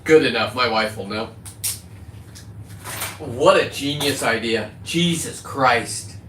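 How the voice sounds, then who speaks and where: A middle-aged man talking casually on his livestream, rambling from topic to topic in a loud, profane, boisterous way. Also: medium pitch, takes it slowly, reverberant, a little hiss or hum. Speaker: livestreaming content creator.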